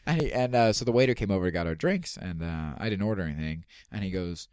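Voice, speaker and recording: A male comedian telling a story in casual chat, animated, swearing freely and acting out the voices of people he quotes. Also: sits low, brisk, hardly any pauses, clear, resonant tone, no room sound, clean studio sound.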